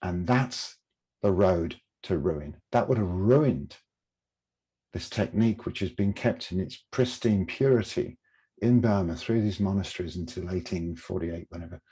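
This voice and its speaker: A man, a podcast guest, telling lively anecdotes in a casual interview and laughing at himself. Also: low voice, measured pace, breathy edge.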